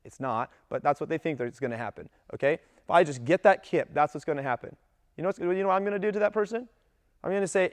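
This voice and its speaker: A man coaching gymnastics coaches in a casual talk, lively and acting out what his athletes say. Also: a little high, quick pace, no room sound. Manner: animated, acts out athletes' voices in quotes.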